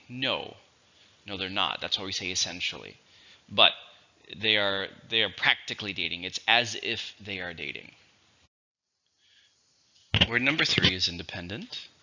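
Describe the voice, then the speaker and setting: A very deep-voiced man gives an English vocabulary lesson, spelling out syllables and stress with slow, careful dictation. His tone is sharp and bright despite the low pitch. The recording sounds dull and lo-fi. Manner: slow, clear, patient dictation. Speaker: English teacher.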